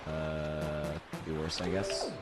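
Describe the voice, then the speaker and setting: A man with a very deep voice talks loosely over his own gameplay, half to himself and half to chat. He mutters, trails off and curses at the game, with game music playing under him. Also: steady tone, takes it slowly. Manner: mumbling, trailing off, swearing at the game. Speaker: speedrunner streamer. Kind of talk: casual live-stream gameplay commentary.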